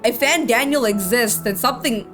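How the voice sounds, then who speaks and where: A young woman streamer reacts to a game in a high, emotional voice, gushing and rambling with frequent restarts. Game music plays quietly behind her. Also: moderate pace. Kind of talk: casual gameplay commentary.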